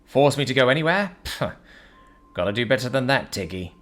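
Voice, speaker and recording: A man's voice: mid-range voice, expressive, brisk, a bit bright, voice pushed up, lightly acted. A man voicing a cocky, cheerful male human adventurer who talks in a breezy, teasing way.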